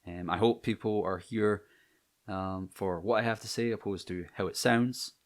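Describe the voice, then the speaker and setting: A man's voice: lowish voice, steady tone, normal speed. A young Scottish man from near Edinburgh talking to camera in a personal vlog, hesitant and self-conscious, with many ums and restarts. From Scotland. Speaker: channel host.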